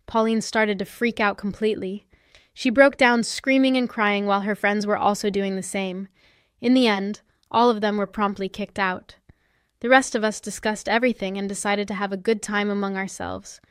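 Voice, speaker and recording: A woman narrates a first-person story with a sassy, confiding manner. Her voice is smooth and resonant at a middle pitch. The recording is dry and close. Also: fairly even intonation, normal speed, no echo.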